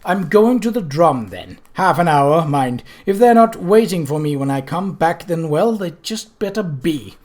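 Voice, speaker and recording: A reader voicing a gruff, irritable old male servant who gives short, bossy orders in an audiobook reading. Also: mid-range voice, lively intonation, measured pace, hardly any pauses, darkish tone, lightly acted. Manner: curt, bossy, snapping.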